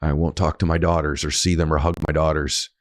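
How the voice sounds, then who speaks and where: A man voicing his older father facing cancer, speaking in a deep voice with a plain, earnest, fatherly manner. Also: little pitch movement, fairly quick, no echo, studio quality. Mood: tender.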